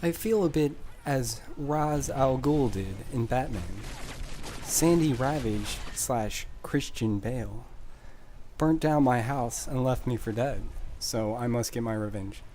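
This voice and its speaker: A man rambling through casual game commentary in a sarcastic, deadpan joking manner, recorded on a desk mic as a voice-over. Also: medium pitch, slow, slight background noise. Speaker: gameplay commentator.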